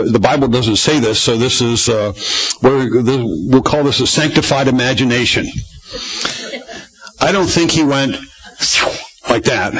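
A man's voice: mid-range voice, a bit bright, slightly rough, low-quality recording. A pastor preaching a conversational Bible-study sermon in a folksy way, often asking his congregation questions.

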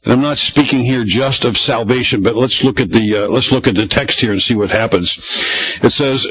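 A man's voice: mid-range voice, normal speed, a bit bright, highs cut off. A man preaching a sermon in a church, talking conversationally to his congregation and often restarting phrases. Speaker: pastor.

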